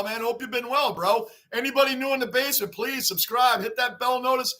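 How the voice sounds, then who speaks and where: Talking fast with few pauses, a man runs a laid-back sports livestream where he reads fan chat and calls out viewers by name. He keeps repeating his points in a very high, pushed, bright voice.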